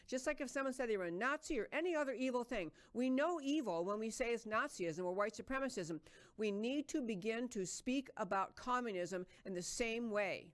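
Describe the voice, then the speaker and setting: A middle-aged woman hosting a political talk show, delivering an earnest, emphatic monologue with frequent fillers and restarts. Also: on the high side.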